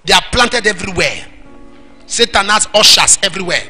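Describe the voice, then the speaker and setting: A man with a Nigerian accent preaching a sermon in church, acting out little scenes and shouting at the high points. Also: animated, fairly quick, slightly rough, soft background music. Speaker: pastor.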